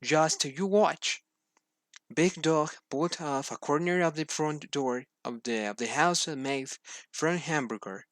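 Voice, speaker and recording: A man's voice: on the high side, a little slow, fairly bright tone, no room sound. A student, a man, reading a children's storybook aloud for class, hesitant, with many fillers and restarts.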